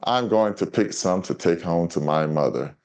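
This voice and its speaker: A man's voice: sits low, moderate pace, darkish tone. A man reading aloud a cheerful little girl in a children's story, his voice a bit raised.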